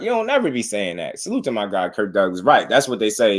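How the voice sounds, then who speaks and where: Casting: low-voiced man, relaxed livestream host chatting with viewers. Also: a little fast, hardly any pauses. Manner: laid-back, laughing, talks to chat. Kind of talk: casual livestream commentary.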